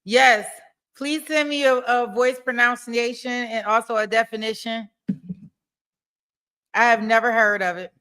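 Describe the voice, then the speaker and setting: Bright-voiced playful woman streamer. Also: on the high side, steady tone, unhurried, long pauses, clean tone. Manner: playful, teasing, chatty. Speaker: livestream host. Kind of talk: casual chat with live viewers. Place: home desk.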